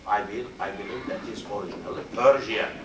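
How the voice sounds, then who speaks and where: Older man, mosque classroom lecture, distant and roomy video recording, faint background hiss. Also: lowish voice. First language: Turkish. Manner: slow, halting explanation, repeating Arabic word forms. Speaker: Quran and Arabic teacher.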